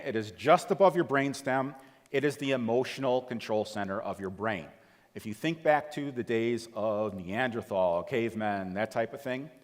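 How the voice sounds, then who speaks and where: A man speaking from a stage to a live audience, his pitch rising and falling a lot as he tells the story and acts out the voices of the people in it. Now and then he turns to the listeners with a question. His voice trails off into the long reverb of a big hall. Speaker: TEDx speaker. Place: large auditorium.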